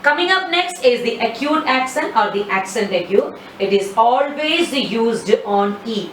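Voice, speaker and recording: A woman teaching a slide-based French lesson, speaking slowly and patiently and repeating each word for practice. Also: on the high side. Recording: echoey room, mic at a distance, faint ambient noise.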